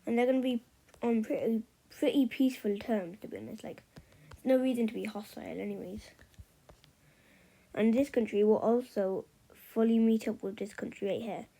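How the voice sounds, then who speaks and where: A woman's voice: fairly high pitch, moderate pace, vocal fry, mellow, low-quality recording. A woman casually narrating a map scenario, rambling with lots of fillers and offhand remarks. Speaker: map video creator. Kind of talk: casual commentary over a map.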